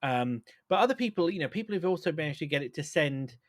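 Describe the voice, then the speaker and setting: A man co-hosting a casual tech podcast, animated and laughing often, restarting sentences as he talks. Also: on the high side, fast talker. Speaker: podcast co-host.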